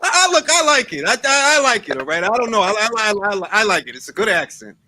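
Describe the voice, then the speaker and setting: A man co-hosting a boxing talk show in casual, heated chat, excitable and swearing, often repeating himself and laughing. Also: high-pitched, fast. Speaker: boxing podcast co-host.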